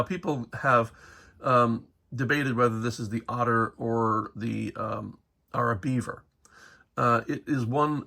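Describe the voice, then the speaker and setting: A man chats about his toy collection in a loose, meandering way, full of fillers and restarts. His voice is gravelly and a little husky. The pitch sits at an ordinary middle height for a man. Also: bright, forceful tone. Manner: rambling, with many fillers and self-corrections. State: hiccuping. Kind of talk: casual unscripted show-and-tell.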